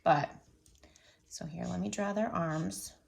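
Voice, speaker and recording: A woman's voice: fairly low pitch, vocal fry, darkish tone, roomy sound. A woman teaching a phonics lesson to young children, patiently stretching out each word. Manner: slow, patient, drawn-out sounding of words.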